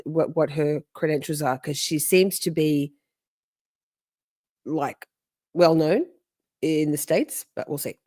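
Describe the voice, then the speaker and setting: Woman, casual reaction commentary, thinking aloud, dry close sound, slow delivery. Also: deep voice, darkish tone, no room sound. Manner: stop-start, thinking aloud. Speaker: reaction vlogger.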